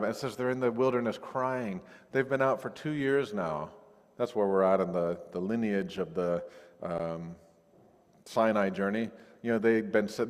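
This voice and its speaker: A male pastor giving a sermon in a conversational, lively way, recorded over a video call. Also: lowish voice, long reverb tail. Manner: conversational, animated when acting out quoted voices. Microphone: recorded via video call.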